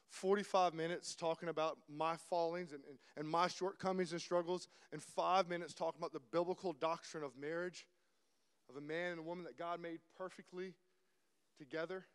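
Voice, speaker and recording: Animated man preaching in a hall. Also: fairly high pitch, clean tone. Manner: animated, repeats words, swings from loud to hushed. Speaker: guest speaker. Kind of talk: sermon-style talk.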